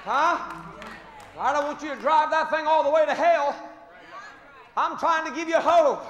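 A middle-aged pastor preaching a sermon, moving between shouted declarations and quiet storytelling. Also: male voice, very high voice, expressive, moderate pace, long pauses. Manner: impassioned preaching, swinging from shouts to hushed storytelling. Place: church sanctuary. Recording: echoey church hall with faint music.

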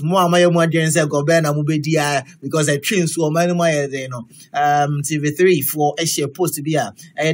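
A Ghanaian man with a Ghanaian accent hosting a casual chat, reading out social media comments, mixing English and Twi with lively reactions. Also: a little high, husky. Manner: mixes English and Twi, laughs and reacts loudly.

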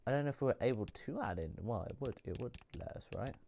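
A man's voice: mid-range voice, expressive, quick pace, gravelly, warm tone, a little hiss or hum. A man streaming a video game, chatting and joking casually with his viewers. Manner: joking, chatty, mutters to himself. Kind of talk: casual gameplay commentary.

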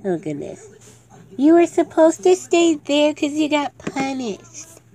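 A woman with a high voice plays a caretaker in a homemade role-play skit. She scolds and gives firm orders in slow, deliberate sentences. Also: fairly even intonation, dark tone.

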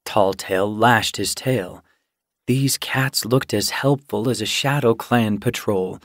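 A man reading an audiobook in scripted, measured narration. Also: on the low side, dry recording, studio quality. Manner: measured, unhurried storytelling.

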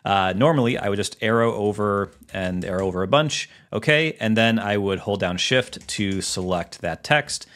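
A man's voice: fairly low pitch, moderate pace, few pauses, a bit bright. Chatty man walking through keyboard tips. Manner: chatty, demonstrating step by step with frequent fillers. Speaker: tech tutorial host. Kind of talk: casual screen-recorded tutorial.

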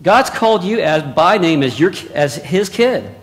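A male preacher delivering a sermon, dropping to hushed asides and then rising to loud exclamations. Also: high-pitched, expressive, normal speed. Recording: long hall reverb.

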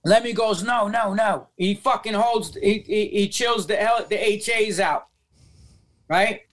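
A man with a New York accent telling profane, animated stories as a podcast guest, acting out the voices of people he quotes. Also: sits high, measured pace. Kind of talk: storytelling in a podcast interview.

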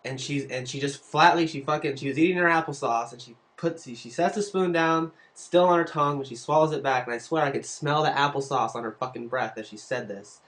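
A man answering fan questions on his vlog, telling stories in a casual, profane and animated way. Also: fairly high pitch, fairly quick, few pauses. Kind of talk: casual storytelling.

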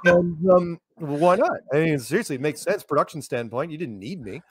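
A man's voice: fairly high pitch, animated, moderate pace, husky, no room sound, clean studio sound. An American man telling stories in a casual interview, rambling with many restarts and repeated words. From United States. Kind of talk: casual conversational storytelling.

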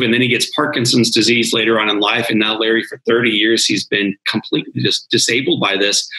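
A man's voice: mid-range voice, pushed and bright, poor audio. A man, a guest speaker on a podcast interview, telling his life story in an earnest, dramatic way.

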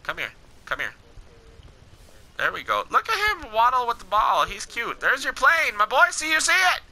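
A young man giving casual, excitable gameplay commentary, talking at the game characters in slangy speech. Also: very high-pitched, normal speed, poor audio. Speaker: gaming channel host.

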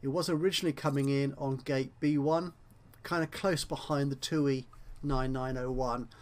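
A man's voice: mid-range voice, fairly even intonation, normal speed. A man casually commenting on a management game he is playing, rambling and correcting himself with wry asides. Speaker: let's play host.

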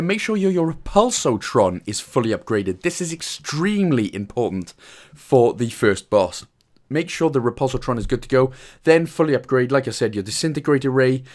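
A Welsh man casually commentating over gameplay, chatty and joking as he gives tips. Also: medium pitch. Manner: joking, chatty, self-mocking. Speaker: gaming channel host.

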